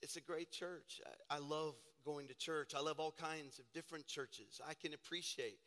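Hoarse, bright-voiced man preaching. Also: a little high, normal speed, big-room sound. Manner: conversational, builds to emphatic preaching. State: hoarse from shouting. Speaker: pastor. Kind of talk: sermon.

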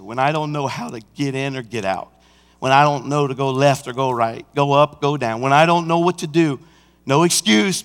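High-voiced preacher in a reverberant church. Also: male voice. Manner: swings from hushed intimacy to shouted climaxes; breaks into song and acts out scenes. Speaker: senior pastor. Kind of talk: preaching a sermon. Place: church sanctuary.

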